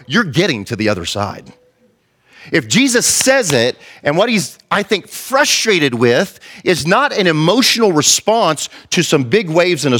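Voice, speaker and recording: A man's voice: fairly high pitch, fairly bright tone. A male pastor preaching an impassioned, conversational sermon and acting out the quotes he tells.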